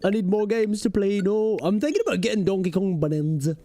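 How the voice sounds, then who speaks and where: A man's voice: high voice, brisk, warm tone, faint music behind. A man streaming a game live, chatting playfully with viewers and drifting into silly voices. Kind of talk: casual live-stream chat. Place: home streaming setup in rural Scotland.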